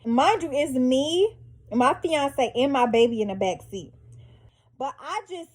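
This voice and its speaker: A young woman vlogger telling a dramatic story to her viewers in a lively, animated way. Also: high-pitched. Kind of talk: storytime vlog.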